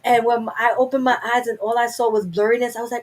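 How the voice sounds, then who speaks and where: A woman's voice: a little high, fairly even intonation, a little fast, a little hiss or hum, rough recording. A young adult woman hosting a casual live chat from home, talking candidly and rambling to her viewers through a webcam mic. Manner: candid, rambling, talks to herself. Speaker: live stream host.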